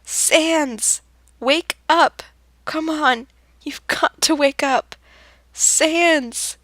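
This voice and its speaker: A woman voicing a frightened, tearful human child who pleads in a high, strained voice. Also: drawn-out words, a bit bright, dry recording, exaggerated voice. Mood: frantic.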